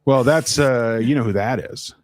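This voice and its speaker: A man's voice: medium pitch, moderate pace, no room sound. A man co-hosting a live-stream chat show, rambling and joking as he talks.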